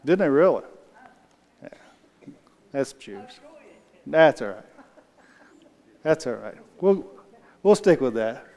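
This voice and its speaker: A man's voice: medium pitch, very animated, takes it slowly, vocal fry, pauses often, darkish tone. A man leading a casual Bible study, talking loosely and answering his group as he reads aloud. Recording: reverberant room.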